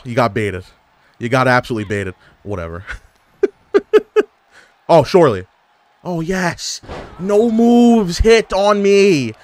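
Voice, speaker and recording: A young man giving casual, animated gameplay commentary as a gaming YouTuber, trash-talking and exclaiming. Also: sits high. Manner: animated trash talk, frequent laughs and exclamations.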